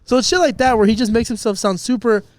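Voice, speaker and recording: A man's voice: very high voice, fast talker, dry recording. A young man co-hosting a podcast, chatting loosely with a joking, profane manner. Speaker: podcast co-host. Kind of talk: casual chat.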